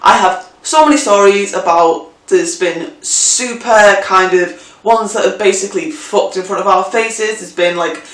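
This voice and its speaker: A young woman telling a story in a casual vlog, animated and chatty, swearing freely. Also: mid-range voice, a little slow, few pauses, distant mic. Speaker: vlogger. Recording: roomy, mic set back.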